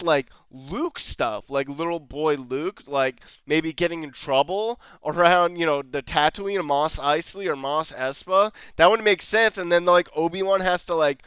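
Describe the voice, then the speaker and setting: A man's voice: on the high side, measured pace, hardly any pauses, a bit bright, clear, resonant tone, no room sound. A man ranting sarcastically in a show review, exasperated and swearing often. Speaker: video reviewer.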